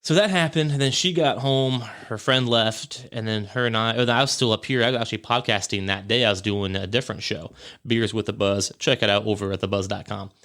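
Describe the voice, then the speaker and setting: A man's voice: fairly low pitch, brisk, a bit bright. A man hosting a podcast, telling a story in a casual, rambling way and correcting himself as he goes. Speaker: podcast host. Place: home podcast room.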